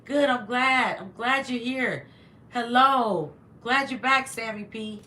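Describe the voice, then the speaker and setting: Woman, livestream host, bright tone, slightly high pitch, casual chat, motivational. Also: takes it slowly. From from mixed German and Latin family. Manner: warm, greets viewers by name, motivational; laughs often, lively swings in pitch.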